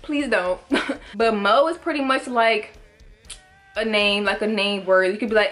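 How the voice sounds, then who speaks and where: A woman's voice: mid-range voice, unhurried, fairly bright tone. An eighteen-year-old woman with a Washington DC area accent talks straight to her viewers in a casual vlog. She is chatty and emphatic, loading her sentences with "like" and local slang. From DC, Maryland and Virginia area. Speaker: vlogger.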